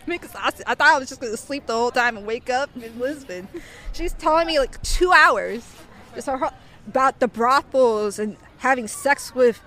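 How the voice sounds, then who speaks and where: A young woman telling a story in a casual, animated way, full of fillers and acted-out voices. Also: sits high, normal speed. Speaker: interviewee.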